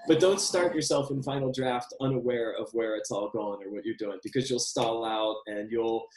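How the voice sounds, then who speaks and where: A man in a relaxed interview answers at length, circling back and restarting his thoughts. His voice sits at an ordinary middle pitch and carries a noticeable roomy echo, as if he is talking into a video call from a bare room. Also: normal speed, slight background noise. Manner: rambling, self-correcting, laughs often. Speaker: screenwriter guest.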